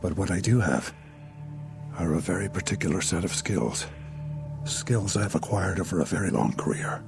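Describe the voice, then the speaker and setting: An actor playing a grim middle-aged man who speaks a cold, deliberate threat. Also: lively intonation, creaky. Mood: menacing. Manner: slow, low, deliberate threat. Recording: film clip with music behind. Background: music.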